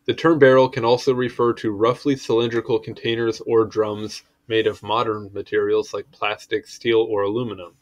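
A man reading an encyclopedia article aloud in a casual way, stumbling over words and adding offhand asides. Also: on the low side. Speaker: article reader.

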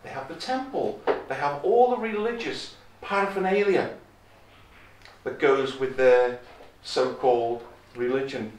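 An unhurried man with a mid-range voice preaches as a visiting minister in a chapel, stressing his points and repeating key phrases. When he quotes scripture, his voice rises. Slight background noise accompanies the distant, echoey recording.

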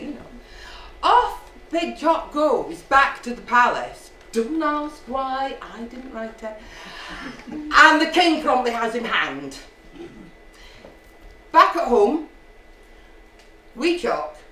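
A woman's voice: fairly high pitch, very animated, slow, bright, forceful tone, distant mic, a little hiss or hum. A Scottish woman storyteller telling a folk tale live, playful, with asides, in an echoey storytelling hall.

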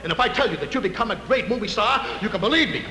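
This is a boastful Hollywood talent scout, pitching hard in pushy salesman patter on a 1940s live TV sketch. His voice sits high and bounces off a long, echoey theater hall. Loud hiss and noise from an old broadcast recording sit behind him. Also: lively intonation, very fast, exaggerated voice.

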